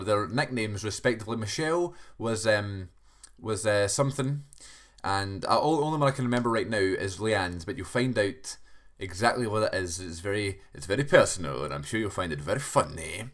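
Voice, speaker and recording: A man's voice: lowish voice, lively intonation, normal speed, fairly bright tone. A male podcast host giving a chatty, rambling solo cold open, joking at his own expense and restarting sentences.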